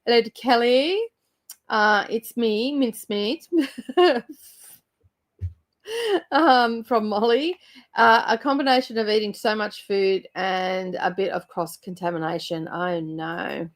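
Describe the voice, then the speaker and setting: A woman's voice: medium pitch, measured pace. A young woman hosting a book club livestream, chatting casually, giggling often and greeting viewers by name.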